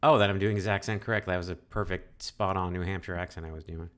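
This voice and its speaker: A man with a very low voice talks his way through a text adventure. He reads the game text aloud and thinks out loud in a chatty way, with lots of fillers and restarts. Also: steady tone, quick pace. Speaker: let's-play host. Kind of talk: casual game playthrough, reading text aloud.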